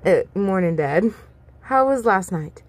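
A woman's voice: medium pitch, expressive, measured pace. A woman voicing a timid young child in a fan fiction reading, in a small, slightly raised, pleading voice.

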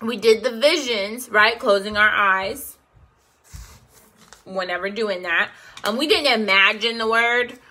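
A woman teaching a meditation class, talking slowly and checking in with listeners by asking "okay?" again and again. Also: mid-range voice, bright, forceful tone. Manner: slow, repeats "okay?" to check in.

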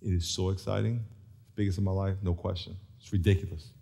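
A man preaching a sermon as pastor, animated and storytelling, chuckling often. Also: deep voice, fast talker, gravelly, slightly rough. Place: large church.

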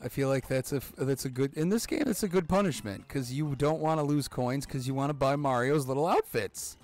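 A man in his thirties hosting a let's-play, excitable and rambling, swearing often and breaking into sudden yelps. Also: medium pitch, fairly quick, soft background music. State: out of breath. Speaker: gaming channel host.

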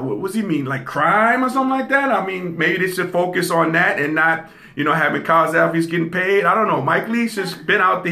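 Speaking straight to his audience, a man hosts a casual commentary show in a high-pitched, pushed, bright voice. He repeats phrases for emphasis and keeps checking in with "okay?"

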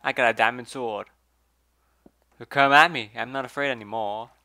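A man's voice: medium pitch, moderate pace, pushed and bright, no echo. A man giving casual gameplay commentary, chatty, swearing, and talking to the animals in the game. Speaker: gameplay video host.

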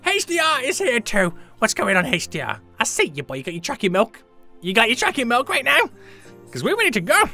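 A young man live-streaming a game, chatting with viewers in a hyped, jokey, animated way. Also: very high voice, fairly quick, faint music behind. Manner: hyped, jokey, animated, greets chat members.

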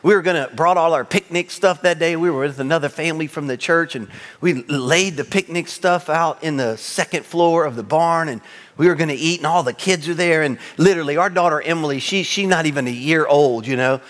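Animated preacher man in a reverberant church. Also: on the high side, fairly quick. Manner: animated storytelling with self-mocking humor. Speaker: pastor. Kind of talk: sermon. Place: large church sanctuary.

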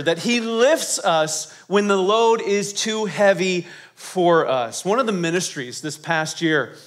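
A male pastor with a high voice preaches to his church. He leads the congregation in call-and-response, asking them to repeat phrases back to him. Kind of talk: sermon.

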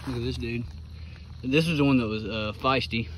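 A man's voice: mid-range voice, fairly even intonation, normal speed, a little hiss or hum. A man, out of breath, chatting casually to viewers while vlogging outdoors by a creek. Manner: chatty, talks to viewers while riding and hiking.

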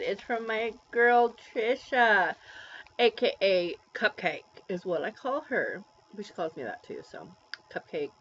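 A woman's voice: mid-range voice, a little hiss or hum. A woman in her forties in a bubbly, gushing way, unboxing a package for a casual vlog. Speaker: vlogger. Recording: dull lo-fi home recording.

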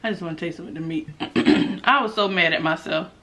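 A woman's voice: lowish voice, fairly quick, fairly bright tone. A young woman, chatting casually and laughing as she eats for a mukbang video. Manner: chatty, laughs often, addresses viewers as y'all. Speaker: mukbang vlogger. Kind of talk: casual chat while eating.

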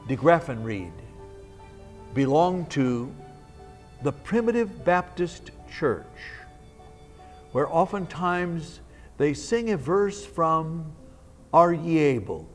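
A minister telling a story in a short devotional message, in a measured, unhurried way. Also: male voice, a little high. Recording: long reverb with faint music.

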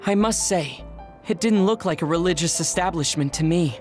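Actor playing a level-headed young officer, measured and reasonable, faint game music. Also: male voice, fairly high pitch, lightly acted.

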